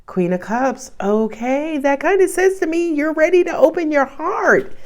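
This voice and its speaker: A woman's voice: high voice, animated, measured pace. A woman with a New York accent giving a casual, chatty tarot reading to camera, with slangy asides. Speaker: tarot reader.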